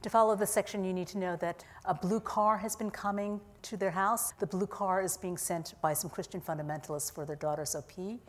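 A woman author reading from her novel to an audience at a university in a calm, deliberate way. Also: mid-range voice, long reverb tail. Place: university auditorium.

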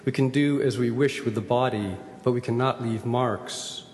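A man giving a measured, incantatory poetry reading. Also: mid-range voice, steady tone, darkish tone, a little hiss or hum. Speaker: poet reading his work. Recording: echoey hall.

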